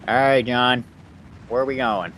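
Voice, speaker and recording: A young man chatting casually to his livestream viewers while he works, relaxed and rambling. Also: medium pitch, a little slow, a little hiss or hum. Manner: relaxed, rambling, talks to chat while working.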